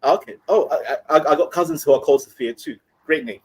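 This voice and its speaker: A man's voice: a little high, brisk, slightly rough. A man with a London accent, of Somali descent, chatting as a guest on a remote call, teasing and stumbling over repeated words. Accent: London English. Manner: stammering repeats, playful teasing. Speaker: panel guest. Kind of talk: casual chat.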